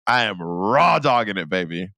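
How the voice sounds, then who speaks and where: A man guesting on a podcast, an animated storyteller who restarts his words often. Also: lowish voice, moderate pace, creaky, no room sound, clean studio sound. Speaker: guest entertainer. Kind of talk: casual podcast chat.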